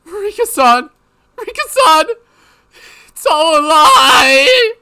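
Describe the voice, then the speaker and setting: A man voices a grief-stricken teenage girl in a murderous rage for a visual novel, pitching well above his natural voice in a full character performance. It's very high, with big pitch swings at normal speed, as he shrieks, sobs and screams threats in frantic fury.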